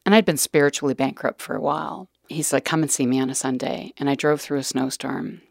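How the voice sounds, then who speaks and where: A woman's voice: a bass voice, steady tone, brisk, gravelly, no echo, studio quality. A middle-aged woman, a nurse educator, telling a personal story candidly and earnestly, dropping to whispered asides.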